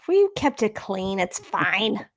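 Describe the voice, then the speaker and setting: A woman's voice: medium pitch, sing-song, drawn-out words. A woman co-hosting a casual theme park podcast, chatting with dry, blunt quips. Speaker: podcast co-host. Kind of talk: casual chat.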